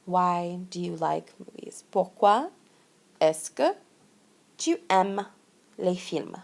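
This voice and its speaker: Patient woman teaching, slightly gravelly. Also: fairly low pitch, takes it slowly, darkish tone. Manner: patient, explains step by step, frequent "okay?" checks. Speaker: French teacher. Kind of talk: recorded classroom lesson narration. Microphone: screen-recording voice-over.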